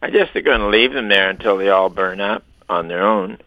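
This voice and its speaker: A man with a fairly low voice comments in a casual, opinionated way, with sarcastic asides now and then. His voice comes over a dull, slightly muffled line. The sound is dry and close. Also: a little fast, no room sound. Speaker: guest commentator. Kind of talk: casual radio talk.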